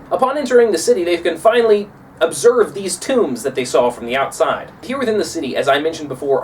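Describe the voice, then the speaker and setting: A man teaching a literature lesson in an animated, playful lecturing manner. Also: a little high. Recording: distant mic, faint background noise.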